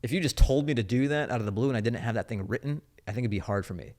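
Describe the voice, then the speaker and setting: A man's voice: medium pitch, darkish tone. A man hosting a podcast, chatting casually and joking around. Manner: joking, puts on quick silly voices. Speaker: podcast host. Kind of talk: casual chat.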